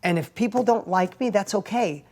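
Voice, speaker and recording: Speaking with a high-sitting voice at a normal pace, this male motivational speaker and entrepreneur host shares stories in simple, everyday language. He is animated and emphatic, swinging from excited outbursts to hushed, confiding remarks, and keeps checking in with a frequent "right?".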